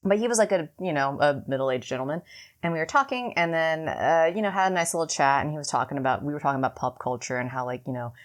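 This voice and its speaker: Speaking fast in a low-sitting voice, this young podcast co-host from California rambles casually through a long story, filling it with fillers.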